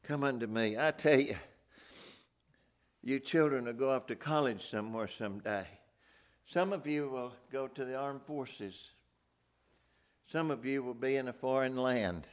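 An older man preaching a sermon in a folksy way, swinging from loud outbursts down to hushed near-whispers. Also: mid-range voice, a little slow.

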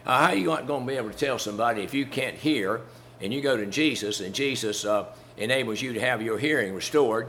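A man's voice: mid-range voice, fast talker, fairly bright tone, slight background noise. A man preaching a sermon in a folksy, conversational way, chuckling as he talks through a Bible story to his congregation.

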